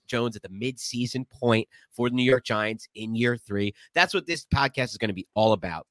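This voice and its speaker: A man's voice: mid-range voice, fairly bright tone, dry recording. A man hosting a podcast in casual chat, with a nasal voice and a stuffy head cold, talking eagerly and rambling. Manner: eager, rambling, with quick laughs. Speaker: podcast host.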